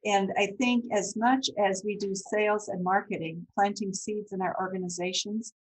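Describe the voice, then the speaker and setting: A woman's voice: medium pitch, fairly even intonation, normal speed, slightly rough, low-quality recording. A woman hosting a podcast interview, speaking in an earnest, reflective way. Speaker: podcast host. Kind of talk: interview conversation.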